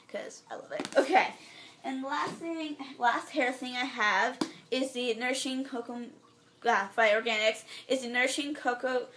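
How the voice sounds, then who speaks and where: A bright-voiced teenage girl, a little high in pitch, talks through her monthly favorites in a bubbly, gushing way. She rambles and restarts, then drops into soft, near-whispered asides. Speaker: beauty vlogger. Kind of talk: casual favorites vlog.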